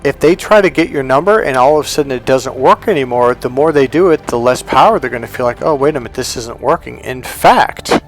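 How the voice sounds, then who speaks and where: A man's voice: a little fast, hardly any pauses. A man who works as a relationship coach and hypnotherapist, telling a personal story as motivational talk and acting out the dialogue in it. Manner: animated, acts out quoted dialogue with high lifts in pitch.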